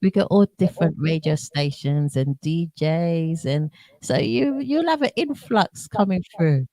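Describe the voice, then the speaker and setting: Woman, London accent, radio host, animated pitch, dry close sound. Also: a little slow, dry recording. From England. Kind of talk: casual radio interview.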